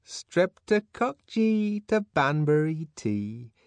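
A man reading an audiobook, voicing a fretful, tipsy middle-aged woman with shrill, pleading outbursts. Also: wildly swooping pitch, takes it slowly, darkish tone, dry recording, exaggerated voice. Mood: coaxing. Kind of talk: audiobook character voice.

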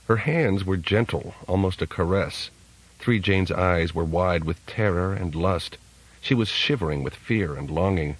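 Deep-voiced man narrating an audiobook. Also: measured pace, slightly rough, low-quality recording. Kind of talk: scripted narration.

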